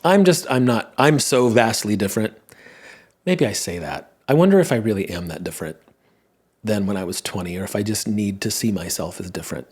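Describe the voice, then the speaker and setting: A man's voice: lowish voice, lively intonation, brisk, a little mellow, breathy edge. A man in his thirties hosting a podcast, musing aloud in a rambling, self-questioning way. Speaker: podcast host and comedian. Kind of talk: casual monologue.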